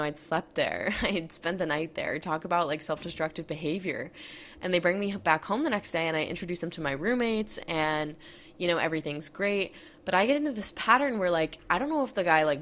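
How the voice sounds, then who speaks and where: A woman's voice: low voice, fairly bright tone, slight background noise. A woman in her twenties hosting a podcast, telling a long personal story in a casual, rambling way with lots of fillers and some laughter. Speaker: podcast host.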